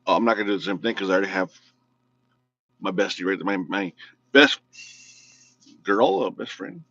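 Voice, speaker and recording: A deep-voiced Illinois vlog host rants about politics to camera, blunt and jokey, with slightly slurred, mumbly delivery. His tone is gravelly, bright and forceful, his intonation lively, his speed normal. The recording is lo-fi with no room sound.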